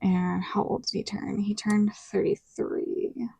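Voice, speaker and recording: A Southern American woman in her thirties talks through her week in a relaxed, chatty way as she sticks stickers in her planner. Her voice sits at a medium pitch and sounds close and dry, with no room echo. She keeps acting out what people said. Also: slow, vocal fry, breathy edge, whispered. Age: 30s. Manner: chatty storytelling with lots of likes and quoted dialogue. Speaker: planner vlogger. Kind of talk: casual chat while decorating a planner.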